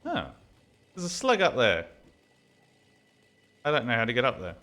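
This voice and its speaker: A man's voice: medium pitch, huge pitch swings, moderate pace, pushed and bright. An Australian man streaming a video game, rambling and swearing casually while he talks to himself as he plays. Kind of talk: casual gaming commentary.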